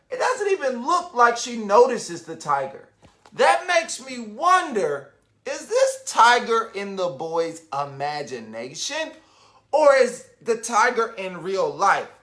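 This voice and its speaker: A man reading a children's picture book aloud, his voice bright and ringing as it leaps up and down in pitch. He takes his time, unhurried and patient. He keeps turning to his young listeners with questions and pauses to wonder.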